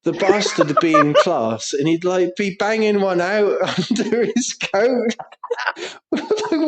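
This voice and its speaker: A man's voice: sits high, big pitch swings, takes it slowly, slight background noise. Laughing, sweary man telling school stories. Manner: crude, sweary, laughing through his stories. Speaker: podcast co-host. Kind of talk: casual banter storytelling.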